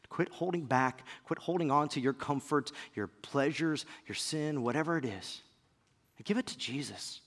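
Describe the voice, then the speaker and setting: A man preaching a sermon who acts out shouted voices and drops to a hushed low voice. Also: big-room sound. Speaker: pastor.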